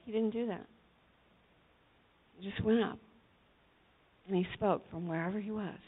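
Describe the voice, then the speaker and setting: A woman preaching a sermon, retelling a story with dramatic swings between hushed and shouted passages. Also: medium pitch, unhurried, pauses often. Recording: tinny phone-like sound.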